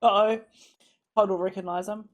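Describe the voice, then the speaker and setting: A woman's voice: mid-range voice, steady tone, normal speed, muffled recording. A woman hosting a reaction video, blurting emotional, blunt comments with plenty of swearing. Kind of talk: casual TV show reaction.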